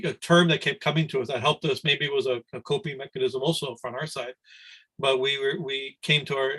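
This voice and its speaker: A man's voice: medium pitch, a bit bright, poor audio. A middle-aged man, a swami, giving a spiritual discourse to students over a video call, talking loosely with many restarts and asides of "right?". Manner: rambling, conversational, frequent "right?" and restarts. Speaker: swami teaching scripture class.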